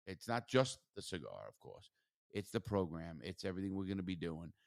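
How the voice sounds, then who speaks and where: A man in his sixties hosting a podcast, telling stories in a lively, profane way that swings between loud and soft. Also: low-pitched, brisk, creaky. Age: 60s. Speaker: podcast host. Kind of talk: casual chat.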